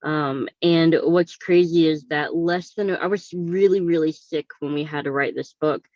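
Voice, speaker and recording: A woman's voice: low-pitched, fairly even intonation, measured pace, a little mellow, no room sound, lo-fi sound. A woman co-author sharing her story on a video call, hesitant with many fillers and holding back tears. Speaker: book co-author.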